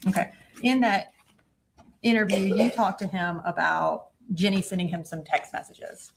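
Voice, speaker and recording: A woman prosecutor examining a witness in court, asking measured, leading questions and often saying "okay". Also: mid-range voice, gravelly, a little hiss or hum.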